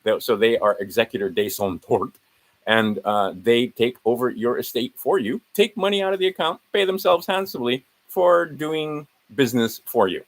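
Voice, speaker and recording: A man's voice: medium pitch, moderate pace, poor audio. A man walking viewers through his documents in a casual screen-share, rambling and correcting himself as he rattles off legal citations. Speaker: video host.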